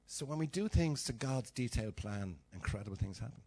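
With a Dublin Irish accent and a dark, mid-range voice, an older man delivers a chatty church-hall sermon a little fast and with lively intonation. He pokes fun at himself and acts out short exchanges in his humorous stories.

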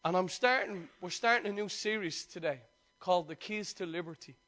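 A man, a pastor preaching a sermon and telling personal stories in a lively, chatty way. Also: high voice, brisk. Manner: lively storytelling, chatty and conversational.

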